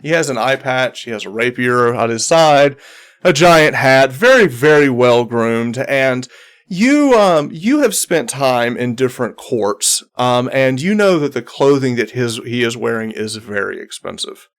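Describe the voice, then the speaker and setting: A man's voice: medium pitch, very animated, unhurried. A man narrating as game master in a tabletop game, hesitant, with many fillers and repeated words.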